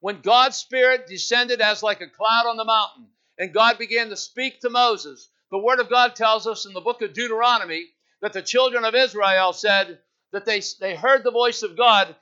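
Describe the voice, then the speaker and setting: Guy preaching a sermon, high bright voice, gets loud and fired up, kinda muffled lo-fi recording. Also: normal speed, few pauses, clean tone. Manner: building to loud fervent peaks, calls to congregation. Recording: dull lo-fi sound.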